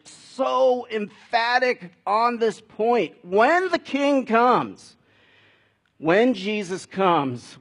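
A man's voice: sits high, husky. A man preaching a sermon in a conversational way, building to emphatic peaks. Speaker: pastor.

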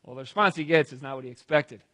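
A man's voice: mid-range voice, quick pace, sharp tone, no room sound. A man preaching a sermon, retelling a scripture story in a conversational way with wry asides.

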